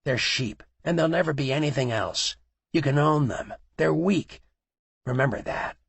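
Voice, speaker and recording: A man voicing a cold, cruel male mob boss who taunts in a low voice that he rarely raises. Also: normal speed, gravelly, slightly rough, dry recording. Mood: lecturing.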